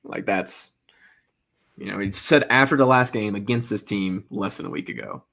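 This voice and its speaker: Male sports podcast co-host, lowish voice, opinionated and blunt, argues through rhetorical questions. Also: normal speed, creaky, pushed and bright. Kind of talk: casual sports talk.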